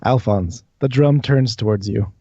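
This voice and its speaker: A man narrates as dungeon master over a dull, lo-fi stream. The sound is dry and close. At times he drops into breathy whispers. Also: on the low side, unhurried, mellow, dry recording. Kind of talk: narrating a tabletop game.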